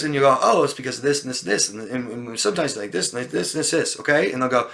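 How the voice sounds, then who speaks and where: A man's voice: mid-range voice, fast, hardly any pauses. A man giving relationship coaching, talking casually and answering viewer questions, often acting out exasperated exchanges. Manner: animated, mimics people in exasperated voices.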